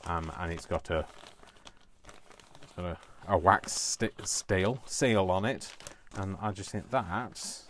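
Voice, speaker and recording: A man in his fifties talks through a live crafting session from his kitchen at home. His voice sits fairly low. He rambles from one idea to the next and drops playful asides as he goes. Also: takes it slowly, a bit bright, a little hiss or hum. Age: 50s. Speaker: crafting vlogger. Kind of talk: live casual crafting chat.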